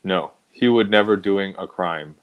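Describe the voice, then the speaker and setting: A man's voice: sits low, measured pace, dry recording, narrow, tinny audio. A man putting on a fake accent as Willis Wu. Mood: insistent. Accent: fake put-on accent. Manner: clipped broken English. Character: adult man Willis Wu, an actor cast as a stereotype.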